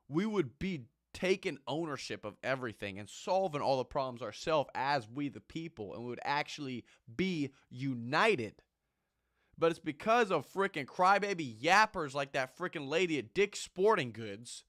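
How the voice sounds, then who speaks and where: A man's voice: on the high side, animated, moderate pace, fairly bright tone, dry recording, studio quality. A man and former Marine giving an impassioned, ranting monologue, repeating his points with emphasis. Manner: fired-up, ranting, emphatic repetition.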